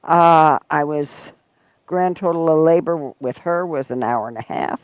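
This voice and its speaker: A woman hosting a casual chat, telling stories in an animated way and laughing often. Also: low-pitched, a little slow, clean tone, no room sound, lo-fi sound. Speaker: leatherwork channel host.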